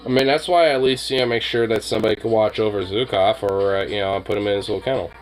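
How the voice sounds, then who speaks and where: A man's voice: lowish voice, fairly even intonation, fast. A drunk man streaming, chatting casually in a rambling, profane way. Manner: rambling, profane, laid-back. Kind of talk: casual live-stream chat.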